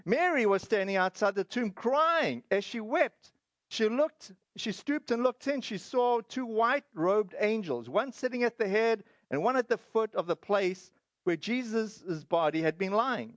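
Pastor, male, high voice, chatty sermon delivery with restarts, dry slightly dull recording. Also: lively intonation, unhurried, a bit bright, no echo. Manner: conversational, with frequent fillers and restarts.

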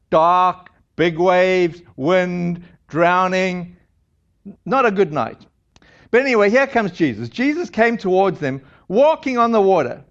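A man with a high voice gives a relaxed sermon and retells a scripture story in plain, chatty words with frequent asides. The recording is dull and lo-fi. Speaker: pastor. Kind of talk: conversational sermon.

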